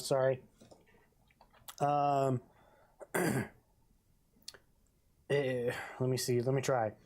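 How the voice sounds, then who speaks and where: Slow, casual let's-play gamer. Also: mid-range voice, little pitch movement, a little mellow. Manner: slow, casual, jokey asides. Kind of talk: reading game dialogue aloud.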